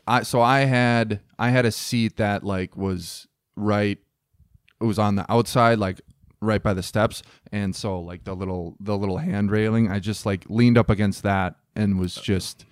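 A man's voice: on the low side, fairly even intonation, measured pace, clean tone, dry recording, studio quality. A young man co-hosting a casual sports podcast, rambling with lots of fillers and laughing as he tells stories. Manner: rambling with many filler likes, laughs while telling. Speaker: podcast co-host.

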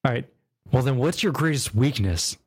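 A man's voice: mid-range voice, animated, normal speed, a little mellow, slightly rough. A man co-hosting a podcast in casual chat, loose and rambling, with plenty of fillers and tangents. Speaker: podcast co-host.

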